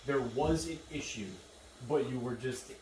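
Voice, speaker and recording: A man's voice: mid-range voice, a little slow, a little mellow, a little hiss or hum. A man in casual podcast chat with friends, teasing them with dry jokes. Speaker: podcast guest. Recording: roomy, distant mic.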